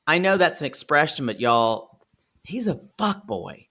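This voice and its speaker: A man's voice: on the high side, big pitch swings, a little slow, bright, forceful tone. A man co-hosting a podcast, recapping a reality show in casual chat, snarky, laughing often and trailing off mid-sentence. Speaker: podcast co-host.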